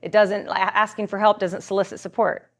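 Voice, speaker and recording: A woman teaching as a guest coach in a masterclass, earnest and explanatory. She leans on "like" and restarts her sentences as she thinks. Her voice sits at a mid pitch for a woman. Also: little pitch movement, a little fast. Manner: earnest, many "like" fillers and restarts. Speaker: guest coach on trauma and the nervous system.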